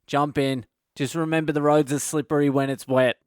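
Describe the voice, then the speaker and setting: An Australian man voicing a deadpan female official who gives eye tests, in a comedic bit. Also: a little high, moderate pace, clean tone, no room sound, clean studio sound, natural voice. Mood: offhand.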